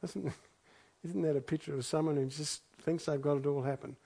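Earnest preaching man, slightly high voice. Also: steady tone, normal speed, vocal fry, dark tone, breathy edge. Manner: earnest, repeats phrases for emphasis. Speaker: pastor. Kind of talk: sermon with scripture reading.

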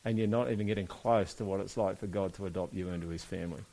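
A man's voice: deep voice, steady tone, fast talker, mellow. A man preaching a sermon in a church, talking casually and throwing direct questions at the congregation. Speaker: pastor.

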